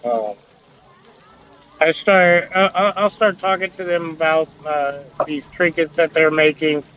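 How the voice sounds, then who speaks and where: A man's voice: a little high, unhurried, fairly bright tone, clean tone, lo-fi sound. A man playing a tabletop game, chatty and goofy in character talk. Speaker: player.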